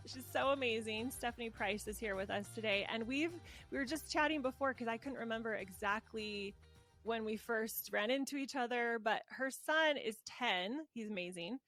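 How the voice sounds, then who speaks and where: A woman's voice: fairly high pitch, moderate pace, sharp tone, faint music behind. A woman hosting a parenting podcast, with effusive, enthusiastic praise. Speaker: podcast host, parenting coach.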